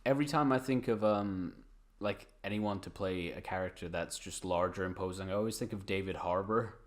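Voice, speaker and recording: Male podcast co-host, lowish pitch, relaxed rambling delivery. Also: a little fast. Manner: chatty, rambling, lots of fillers. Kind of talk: casual chat.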